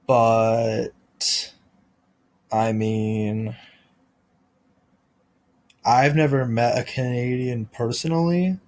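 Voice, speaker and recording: A man hosting a podcast, delivering a rambling deadpan comic monologue full of restarts and absurd tangents. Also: medium pitch, extremely slow, pauses often. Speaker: podcast host.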